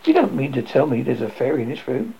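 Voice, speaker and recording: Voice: medium pitch, sing-song, fast, creaky, warm tone, breathy edge, heavily acted. A reader doing a curious, earnest young girl. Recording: dull lo-fi recording.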